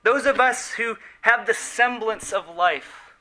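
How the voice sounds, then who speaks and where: A man preaching a sermon in an earnest, emphatic way, slowing on key words and letting phrase endings fall soft. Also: high-pitched, a crowd in the background, rough recording.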